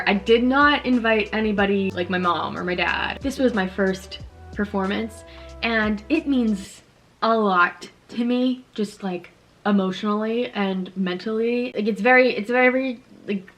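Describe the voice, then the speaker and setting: A woman's voice: mid-range voice, unhurried, a bit bright, soft background music. A young woman vlogging casually to camera, chatty and emotionally open, saying "like" a lot.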